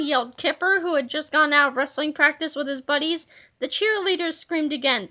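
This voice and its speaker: Lady reading a kids book out loud, high voice, lively. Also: moderate pace. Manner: animated storybook reading. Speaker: reader. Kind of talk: reading a children's book aloud.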